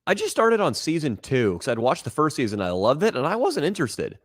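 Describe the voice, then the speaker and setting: A man co-hosting a casual podcast, giving deliberate opinions and dry remarks. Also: on the high side, huge pitch swings, dry recording. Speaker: podcast co-host.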